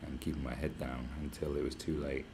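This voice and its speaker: Very deep male streamer, casual, sweary, rambling. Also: level tone, fairly quick, background noise. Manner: rambling, profane, chatty. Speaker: live streamer. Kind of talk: casual livestream chat. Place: where he is staying, not his home.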